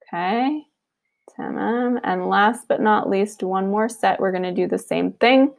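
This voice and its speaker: A woman teaching a recorded online lesson, patient and repetitive, sounding out words slowly and checking in with "okay". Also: mid-range voice, vocal fry. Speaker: Arabic teacher.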